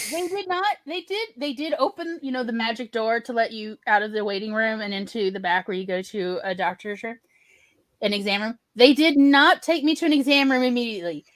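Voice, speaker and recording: Animated woman, dry close recording. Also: on the high side, normal speed, dry recording. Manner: animated, acts out other people's lines in shifting voices. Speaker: podcast host telling a story. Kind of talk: casual storytelling chat.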